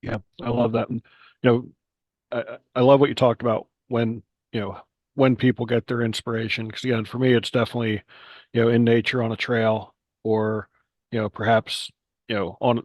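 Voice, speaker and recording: A male podcast host poses a question in a halting way, full of fillers and repeated words. His voice sounds close and dry, with no room echo. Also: medium pitch, level tone. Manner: halting, many fillers and repeated "you know". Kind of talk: interview conversation.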